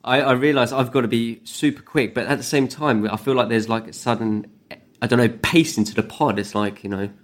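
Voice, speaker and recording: Man, mid-pitched voice, podcast co-host, rambling, easygoing, sweary. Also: fairly quick. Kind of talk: casual football podcast chat.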